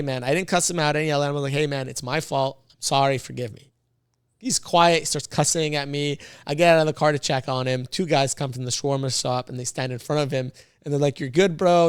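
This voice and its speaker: An American man guesting on a podcast, spinning a story quickly and casually. His voice sits a little high and he laughs often as he goes, full of slang. The sound is close and dry. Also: smooth, dry recording. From United States.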